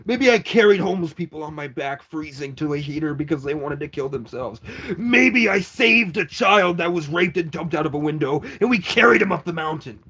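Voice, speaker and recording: A man with a fairly high voice rambles through a livestream, answering chat and swearing freely. He tells long, meandering stories in loose, casual speech. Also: animated, brisk, pushed and bright, husky.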